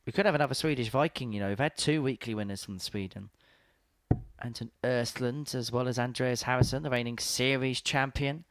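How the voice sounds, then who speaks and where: A man commentating on a live darts match in a relaxed, conversational way. He mixes scores and checkout talk with stories, and his voice sits at an ordinary middle pitch. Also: fairly quick. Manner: chatty, informative, tells anecdotes.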